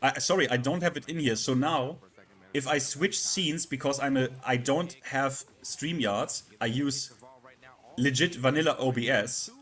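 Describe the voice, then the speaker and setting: A man streaming live and chatting casually, halting and repeating words with many fillers. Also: medium pitch, fairly bright tone.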